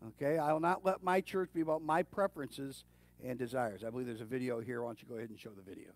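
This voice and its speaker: A man's voice: medium pitch, quick pace. A man preaching in a casual, folksy way, with fillers and restarts, speaking with his congregation rather than at them. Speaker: pastor. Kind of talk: conversational sermon.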